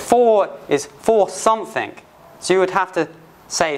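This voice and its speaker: A man teaching English phrases to learners, patiently repeating examples slowly and restarting often. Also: high-pitched, animated. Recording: faint background noise.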